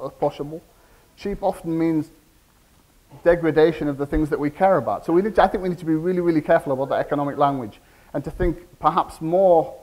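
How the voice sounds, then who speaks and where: Man, 40s, Cumbrian English, keynote speaker; conversational, fairly high voice, quizzes the audience. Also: darkish tone, low-quality recording. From England. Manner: conversational, asks the audience questions. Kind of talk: conference keynote speech. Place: conference hall.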